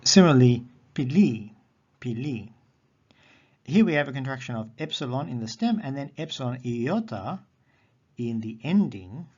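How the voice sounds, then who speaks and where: Male teacher, mid-pitched, patient and repetitive, on a dull lo-fi recording. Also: lively intonation, darkish tone. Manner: patient explaining, repeats words slowly. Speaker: Greek teacher. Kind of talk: recorded grammar lesson. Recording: dull lo-fi audio.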